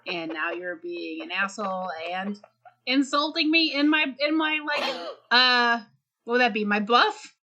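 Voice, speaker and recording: A woman playing a tabletop game who speaks in a lively, indignant way. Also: fairly high pitch, measured pace. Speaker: player.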